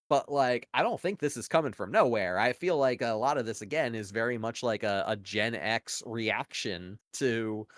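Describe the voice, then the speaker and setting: Casual male podcast co-host, mid-pitch, dry close sound, opinionated and rambling. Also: a bit bright, no room sound. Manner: rambling, heavy use of "like" and "you know" fillers; opinionated, argues points at length. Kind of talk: casual conversational analysis.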